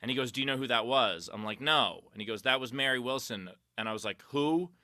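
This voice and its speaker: A man's voice: mid-range voice, quick pace, sharp tone, dry recording. A man hosting a comedy chat over a video call, telling profane stories and laughing through them. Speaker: podcast host and comedian. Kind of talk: casual chat, storytelling.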